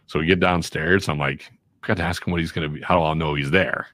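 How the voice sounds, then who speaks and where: A man from Chicago, a radio and voiceover guest, telling animated, self-mocking stories in a casual podcast chat. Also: extremely low pitch, quick pace, dry recording. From Chicago, USA.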